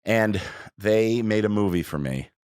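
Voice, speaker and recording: A man's voice: on the low side, expressive, unhurried, a little mellow, clean tone, no echo, studio quality. A man guesting on a podcast, talking in an enthusiastic, heartfelt way. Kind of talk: casual podcast chat.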